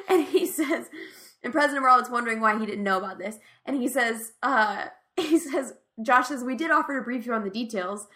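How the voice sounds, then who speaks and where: A woman's voice: a little high, expressive, moderate pace, bright, forceful tone. A woman co-hosting a podcast, chatting casually and enthusiastically as she retells favorite scenes, often laughing. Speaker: podcast co-host. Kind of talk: casual chat recapping a TV episode.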